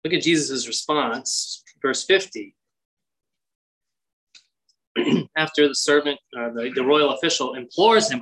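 A man's voice: on the high side, lively intonation, unhurried, long pauses, fairly bright tone, low-quality recording. Earnest man preaching a devotional. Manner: earnest, prayerful, quotes with rising energy. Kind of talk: devotional sermon.

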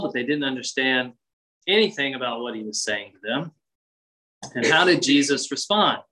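A male pastor delivers a sermon in a bright, forward voice. He swings his pitch up and down to act out the people he quotes. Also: low-quality recording. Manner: expressive, acts out quotes with shifting pitch.

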